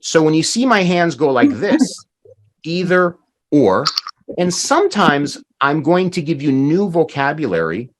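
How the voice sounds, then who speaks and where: A man leads an online language class, his pitch rising and falling in an animated way. He models new words slowly and emphatically, often repeating them so learners can hear each one clearly. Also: noisy background. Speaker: language teacher.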